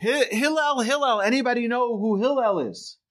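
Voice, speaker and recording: A man voicing a brash, pushy man who shouts to provoke a sage. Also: a little high, lively intonation, measured pace, pitched above the performer's own voice. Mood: shouting.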